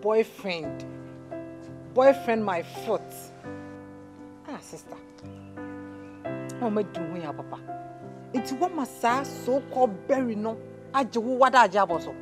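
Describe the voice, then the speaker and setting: A scornful young woman with a Ghanaian accent, mocking and quick to quarrel, her voice high and swinging widely in pitch. She lashes out with sharp jabs. Music plays clearly underneath the dialogue. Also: animated. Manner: sharp, mocking, mixes English and Twi. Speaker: housemate in a drama series. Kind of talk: Ghanaian TV drama acting.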